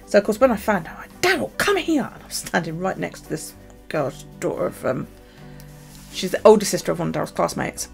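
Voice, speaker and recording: A woman's voice: on the low side, fast, vocal fry, faint music behind. A middle-aged woman, a journaling vlogger, telling stories in a casual, chatty way and swearing freely. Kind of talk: casual chat.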